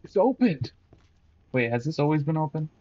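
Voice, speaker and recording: Male let's-play commentator, jumpy and panicky, slightly high, dull lo-fi mic. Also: big pitch swings, normal speed, warm tone, no echo. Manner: jumpy, panicky yelps, self-talking, taunting. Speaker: gameplay commentator.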